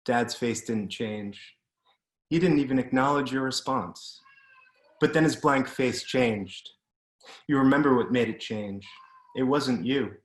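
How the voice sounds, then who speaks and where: This is a literary reading: a man delivers his own prose slowly and deliberately, much as an author would at an event. His voice is mid-range, and the recording, seemingly from a video call, carries a noticeable room echo.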